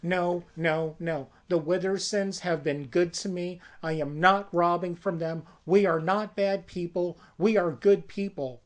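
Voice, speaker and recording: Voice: medium pitch, fairly even intonation, a little slow, hardly any pauses, lightly acted. A storyteller voicing a worried adult sister who stands firm, talking in a defensive, firm way. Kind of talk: casual spoken movie pitch.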